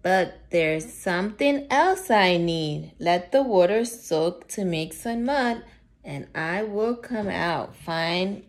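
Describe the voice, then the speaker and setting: Hopeful farmer from a picture book, slow and clear, read by a woman. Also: lowish voice, lively intonation. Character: farmer planting a seed, hopeful. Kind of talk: storybook read-aloud for children.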